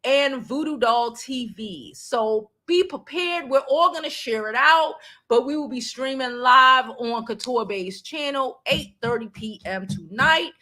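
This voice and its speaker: Woman, middle-aged, live-stream host, animated casual chat, bright forceful tone, slightly high voice. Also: measured pace, few pauses. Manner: animated, swearing, frequent fillers and restarts. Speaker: channel host.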